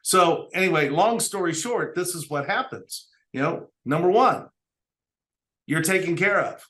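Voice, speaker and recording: A man's voice: high-pitched, lively intonation, unhurried, sharp tone. A middle-aged businessman telling stories as an interview guest, earnestly quoting dialogue. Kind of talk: storytelling interview talk.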